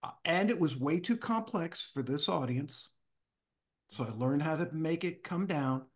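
A man, a guest on an interview show, telling a story in a casual, animated way and acting out the voices of the people in it. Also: fairly high pitch, a little slow. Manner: animated, acts out quoted dialogue. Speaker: guest speaker.

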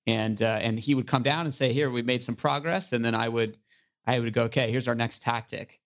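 An entrepreneur sits in the guest seat and tells a casual, animated story about his business, filling his sentences with "you know" and quickly jumping back into the thread. His voice is medium-pitched and mid-range, and the recording sounds muffled.

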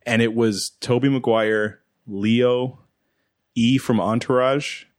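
A man's voice: medium pitch, fairly even intonation, slow. A man co-hosting a casual movie podcast, rambling and laughing as he talks. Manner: rambling, laughs often, acts out quoted lines. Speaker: podcast co-host.

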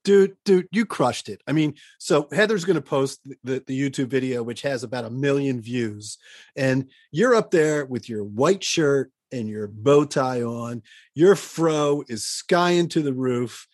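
A man's voice: mid-range voice, unhurried, no room sound, clean studio sound. A man hosting a podcast interview, chatting casually and enthusiastically with his guest. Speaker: podcast host.

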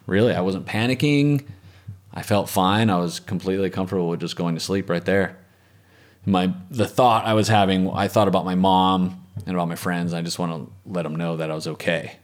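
A man telling a personal story in an interview, calm and reflective, often letting his voice trail off softly. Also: low voice, fairly quick. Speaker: interviewee, former medic and lifeguard.

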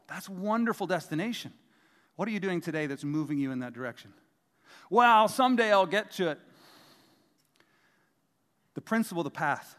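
A man's voice: a little high, fairly bright tone. A middle-aged male pastor giving a sermon, telling humorous, self-deprecating stories from his family life. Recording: long hall reverb.

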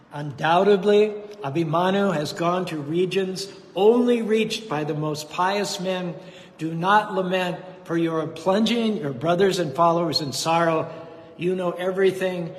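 A preacher voicing a calm divine counselor. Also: male voice, fairly high pitch, natural voice. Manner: measured, consoling, solemn. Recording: echoey hall, faint noise.

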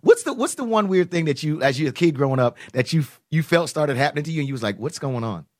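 A man's voice: on the high side, lively intonation, quick pace. A man co-hosting a casual chat, teasing and prying with playful questions. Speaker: podcast co-host.

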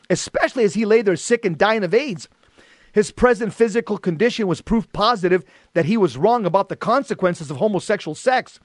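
Speaking fairly quickly in a high-pitched, expressive voice, this middle-aged man shares an earnest faith testimony as a Catholic layman. He's emphatic throughout and shouts when quoting exchanges. The studio sound is clean with no echo.

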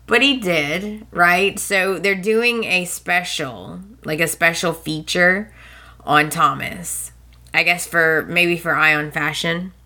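A woman's voice: lowish voice, takes it slowly, bright, forceful tone. A woman hosting a podcast, recapping soap opera episodes in a casual, chatty way, laughing often and briefly acting out the characters' lines.

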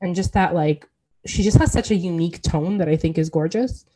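A woman with a fairly low voice chats on a casual podcast. She is opinionated and enthusiastic, and her talk is full of fillers. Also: fairly quick, mellow, slightly rough. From Canada. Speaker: podcast co-host.

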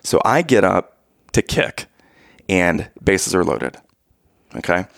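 Man, casual storyteller, animated, low and gravelly, dry close sound. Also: slow, no echo. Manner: animated, keeps checking in with "okay?" and "right?"; acts out quoted lines in raised voice.

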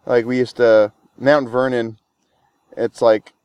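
A man's voice: medium pitch, level tone, takes it slowly, a little mellow, clean tone, dry recording, highs cut off. A man co-hosting a casual podcast chat, blunt and swearing freely. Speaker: podcast co-host.

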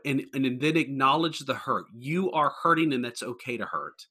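A man's voice: medium pitch, normal speed, few pauses, bright, forceful tone, husky. A man, a pastor, talking earnestly in a casual podcast conversation, often restarting his sentences. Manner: earnest, rambling with many restarts.

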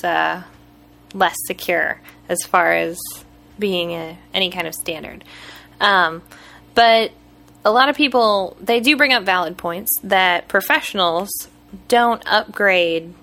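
A woman co-hosting a podcast in casual chat, explaining things at length with frequent "um" pauses. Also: on the low side, creaky, bright, forceful tone. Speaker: podcast co-host.

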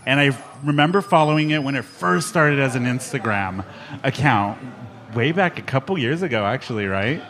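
A man's voice: medium pitch, expressive, normal speed, fairly bright tone. A man hosting a podcast, chatting casually and laughing often, recorded live in a bar. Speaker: podcast host. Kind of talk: casual chat.

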